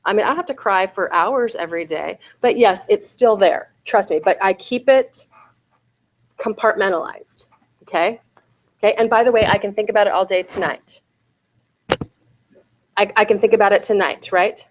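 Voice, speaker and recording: A woman's voice: medium pitch, moderate pace, pauses often. A woman in her forties giving a real estate sales bootcamp talk, often asking her audience "right?" and "okay?".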